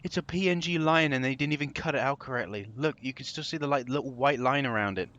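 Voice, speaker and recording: A man's voice: mid-range voice, fast, a bit bright, lo-fi sound. A young man giving casual gameplay commentary, sarcastic and exasperated, swearing freely as he plays. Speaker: game commentator.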